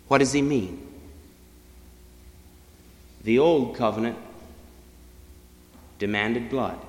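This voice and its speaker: Slow, dramatic male preacher in a reverberant hall. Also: lively intonation. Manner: slow, dramatic swings between loud declarations and hushed low tones. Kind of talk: sermon.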